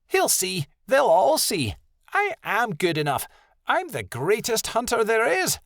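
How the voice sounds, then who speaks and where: A man's voice: high-pitched, wildly swooping pitch, measured pace, vocal fry, a bit bright, no room sound, studio quality, pitched above the performer's own voice, heavily acted. A man voicing a proud, boastful young she-wolf in a fantasy audiobook. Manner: boastful, snappish.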